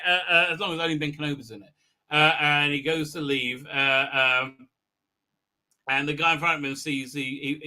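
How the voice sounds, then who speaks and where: Bright-voiced man ranting on a livestream. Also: a little high. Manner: rambling, full of halting fillers and restarts. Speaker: livestream host. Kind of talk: ranting show recap commentary.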